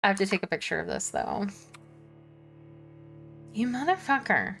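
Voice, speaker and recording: A woman streamer chatting casually as she plays, excitable, laughing and swearing freely. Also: mid-range voice, moderate pace, gravelly, soft background music. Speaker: game streamer.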